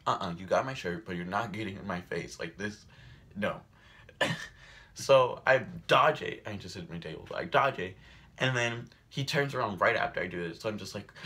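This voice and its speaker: A young man with a low-leaning but bright, forceful voice, chatting casually at home. He tells his story with lots of animation and laughter. He acts out everyone's lines as he goes. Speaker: vlogger. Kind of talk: casual storytelling while doing makeup.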